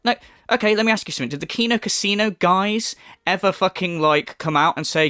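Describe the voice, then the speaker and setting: A man's voice: high voice, animated, fast talker, few pauses, bright, forceful tone, no room sound, clean studio sound. A man doing a profane, mocking commentary rant. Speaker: commentary YouTuber. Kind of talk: ranting video commentary.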